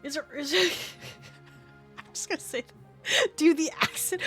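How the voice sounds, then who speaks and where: Woman streamer, high bright voice, giggly and chatty, faint music underneath. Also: fairly even intonation, a little slow. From Canada. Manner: giggly, chatty, swears casually. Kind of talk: casual gaming stream chat.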